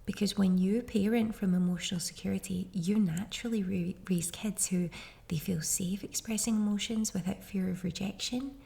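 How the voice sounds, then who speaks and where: A woman's voice: mid-range voice, steady tone, normal speed, creaky, mellow. A woman in her thirties hosting a podcast, talking casually and reassuringly straight to parents listening. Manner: chatty and reassuring, speaks directly to listeners. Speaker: podcast host. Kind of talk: casual parenting advice monologue.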